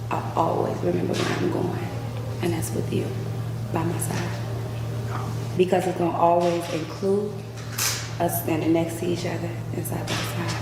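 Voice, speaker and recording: A woman's voice: lowish voice, creaky, noisy background. A woman reading heartfelt wedding vows in an earnest, heartfelt manner. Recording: echoey hall with loud ambience.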